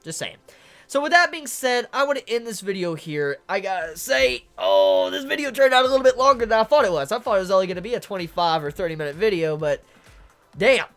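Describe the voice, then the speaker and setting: A woman's voice: mid-range voice, very animated, a little fast, soft background music. A young woman giving casual manga commentary, emphatic and repetitive, swearing often. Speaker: manga reviewer.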